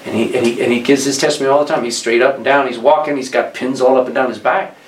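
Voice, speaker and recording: A man preaching a sermon to a congregation, telling stories in a conversational way that rises in pitch and force on key points. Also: fairly even intonation, fast, a little hiss or hum. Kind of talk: sermon with storytelling. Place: church hall with congregation. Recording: echoey room, distant mic, faint background.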